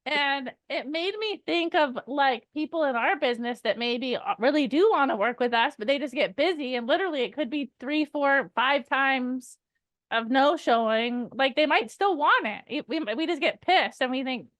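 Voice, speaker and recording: Canadian-born woman cohosting a podcast, high voice, giggly chatty storyteller, dry close sound. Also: moderate pace, fairly bright tone, no echo. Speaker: podcast co-host. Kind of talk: casual podcast chat.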